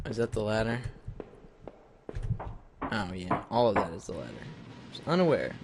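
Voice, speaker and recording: A man's voice: fairly low pitch, normal speed, very noisy. A man hosting a let's play with a slight lisp from a mouth sore, casually reading game text aloud with hesitant, self-correcting, wry asides.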